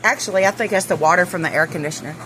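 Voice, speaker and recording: A woman's voice: fairly low pitch, very fast, fairly bright tone, faint music behind. A woman vlogging casually in her backyard, nervous and swearing as she talks to her chickens. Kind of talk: casual chat. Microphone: handheld phone camera.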